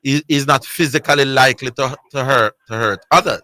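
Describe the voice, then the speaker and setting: A man's voice: mid-range voice, fairly quick, pushed and bright, no room sound. A man with a Jamaican accent co-hosting a sports talk show, firmly pressing his side of the argument. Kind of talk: heated studio debate.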